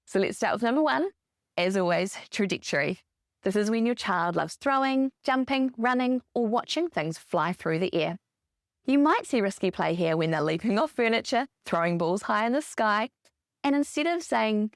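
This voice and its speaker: A woman's voice: mid-range voice, expressive, moderate pace, dry recording, clean studio sound. A woman hosting a solo parenting podcast, explaining in a coaching tone and lifting her voice when she acts out example phrases. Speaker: podcast host.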